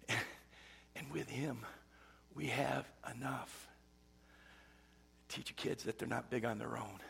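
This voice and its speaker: A male pastor delivers a sermon in a gravelly, husky voice. He moves from loud, emphatic bursts to hushed, almost whispered lines as he tells his story. His words hang in the long reverb of a church sanctuary. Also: medium pitch.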